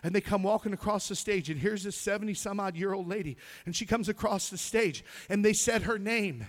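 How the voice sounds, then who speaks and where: Brisk and high-pitched, a middle-aged man preaches a sermon as a pastor, loud and preachy, with call-and-response to the congregation. He breaks into snatches of song and laughs while telling stories.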